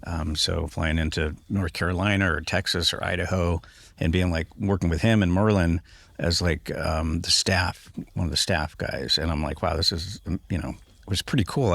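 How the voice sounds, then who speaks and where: A man's voice: deep voice, creaky, a bit bright, dry recording. A man talking as a podcast guest in casual conversation, rambling with many fillers and restarts.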